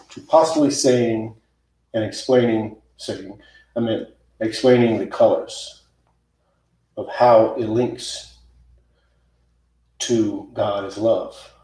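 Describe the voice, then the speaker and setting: A man with a warm, mid-range voice teaches yoga to the camera, rambling without a script, correcting himself and tossing in casual slang. He's heard from a distance in a very echoey room.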